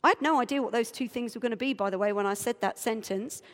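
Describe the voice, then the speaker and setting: A middle-aged Englishwoman preaches in a church, her fairly high voice carrying a long hall reverb. She tells her story with lively, self-mocking energy and acts out the conversations. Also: fast talker. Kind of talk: sermon with storytelling.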